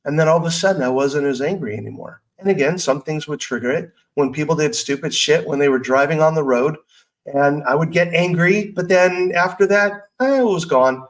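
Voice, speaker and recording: A middle-aged man with a slightly high voice talks a little fast as he hosts a personal growth podcast. Candid and earnest, he keeps the motivational talk conversational and mutters self-directed asides, all captured on a rough recording.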